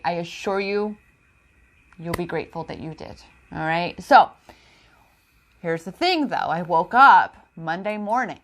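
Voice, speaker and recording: Woman, empowerment coach, slightly low voice, raw and confiding spiritual vlog monologue. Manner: emotional, confiding, addresses viewers as goddess; spiritual self-help talk.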